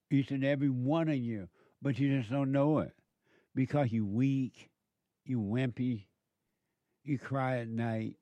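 A man giving a preachy political commentary monologue, slow and emphatic, exhorting his listeners. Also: mid-range voice, a little mellow, no echo.

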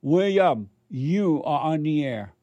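A man's voice: a little high, animated, slow, mellow, no echo, dull audio. A man hosting a call-in radio show, blunt and direct with his callers. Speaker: radio talk show host.

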